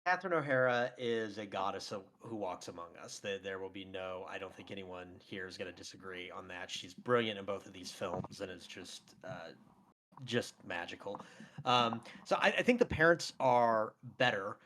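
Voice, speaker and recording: A man's voice: sits low, normal speed, a bit bright, a little hiss or hum. Enthusiastic laughing man debating films. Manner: enthusiastic, laughs often, many fillers. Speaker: podcast co-host. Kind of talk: casual film debate chat.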